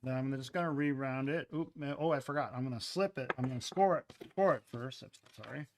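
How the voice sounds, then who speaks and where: A fast-talking man with a medium-pitched voice demonstrates cup making on a pottery live stream from his studio. His talk is casual and keeps trailing off into murmurs, and the background is noisy.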